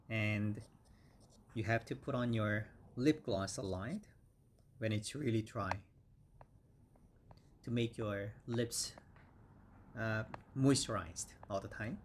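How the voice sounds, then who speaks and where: A man teaching English vocabulary, speaking slowly and patiently and repeating each word several times; his first language is Korean. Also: medium pitch, lively intonation, slight background noise. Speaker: English instructor. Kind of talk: slow vocabulary lesson with repeated words.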